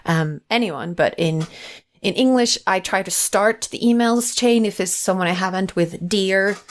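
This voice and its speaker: A woman's voice: medium pitch, measured pace. A woman from Sweden, co-hosting a podcast in casual chat and acting out quoted replies as she tells stories. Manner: animated storytelling, acts out quoted replies. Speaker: podcast co-host.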